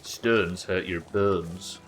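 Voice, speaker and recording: A man's voice: deep voice, fairly even intonation, very slow, a bit bright, a little hiss or hum. A man chatting loosely while streaming a survival game, rambling, swearing and joking at his own expense. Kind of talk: casual gameplay commentary.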